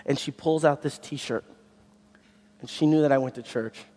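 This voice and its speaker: Pastor guy preaching, lively storyteller, goes loud then hushed, long echo from the big room. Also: medium pitch, normal speed. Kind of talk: sermon. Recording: long hall reverb.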